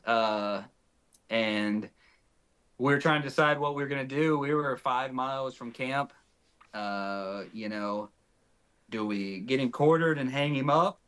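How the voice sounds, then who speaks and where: Young man from north Texas, podcast guest; animated storyteller who acts out the voices of others, mid-pitched. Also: clear, resonant tone. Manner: animated, acts out quoted dialogue. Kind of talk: casual storytelling.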